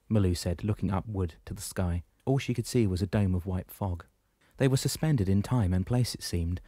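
Male audiobook narrator, low pitch, steady read, dry booth sound. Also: brisk, breathy edge, no echo. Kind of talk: scripted narration.

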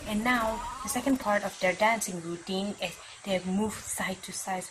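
A woman's voice: medium pitch, moderate pace, hardly any pauses. A woman hosting a reaction video, chatting in a bemused way and talking straight to her viewers. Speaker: reaction channel host. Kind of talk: casual reaction commentary. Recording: clear background noise.

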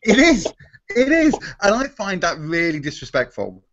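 A man's voice: sits high, wildly swooping pitch, moderate pace, fairly bright tone, highs cut off. A man, a magician guest in a live Q&A, talking animatedly and restarting his sentences often. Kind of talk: live Q&A chat.

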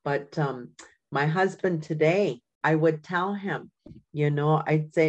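A woman's voice: deep voice, takes it slowly, muffled recording. An older woman from Canada, an elder giving an informal teaching talk in a storytelling way, often checking in with "right?" and "you know". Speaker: community elder.

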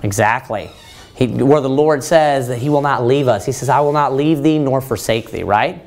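A man's voice: medium pitch, normal speed. A man leading a Bible study sermon, reading scripture aloud and asking his listeners questions. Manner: animated, quotes scripture, asks the room questions.

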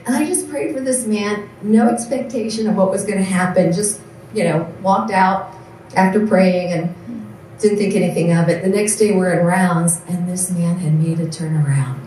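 A nurse gives an earnest personal testimony in a large event hall, her mellow, mid-range voice at a moderate pace as she acts out the voices of people in her stories. She's far from the mic in a very echoey room, with faint background noise.

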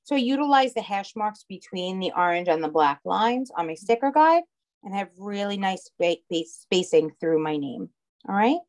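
A woman's voice: mid-range voice, lively intonation, normal speed. A woman with a heavy Long Island accent teaching a live online craft class, chatty and often checking in with her viewers. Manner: chatty, checks in with "okay?" and "all right". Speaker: craft instructor.

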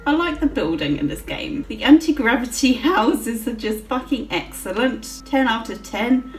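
A woman's voice: on the high side, animated, moderate pace, recorded from a distance. A woman giving casual gameplay commentary, swearing freely and giggling often as she plays. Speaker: gaming channel host. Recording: roomy with faint music.

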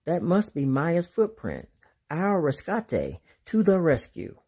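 A man's voice: a little high, wildly swooping pitch, takes it slowly, darkish tone, husky, pitched above the performer's own voice, heavily acted. Diego, a man doing an eager boy hero. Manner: eager, exclaiming. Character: excited boy animal rescuer, young hero.

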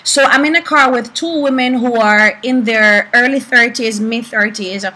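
A young woman prophetess teaching about prophecy through animated personal stories, acting out the people she quotes. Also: a little high, normal speed, poor audio. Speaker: prophetess and preacher.

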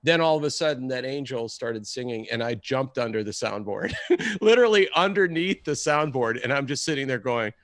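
Guy telling a wild story, animated and excitable, acts out the voices, middle pitch, dry close sound. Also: normal speed, no echo. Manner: animated, acts out the people he quotes. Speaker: guest storyteller. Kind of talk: casual storytelling.

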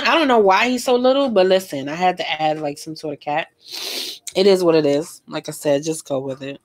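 Painting live on camera, a young woman chats and gossips in a voice on the low side, speaking slightly quickly. Her storytelling is lively and slangy, punctuated by frequent laughter.

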